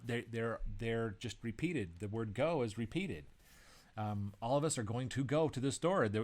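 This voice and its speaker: Man telling a story in a conversational lecture. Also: medium pitch. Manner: animated storytelling, acts out quoted outbursts; conversational, with frequent fillers and restarts. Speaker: author and educator. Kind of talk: explanatory talk with personal stories.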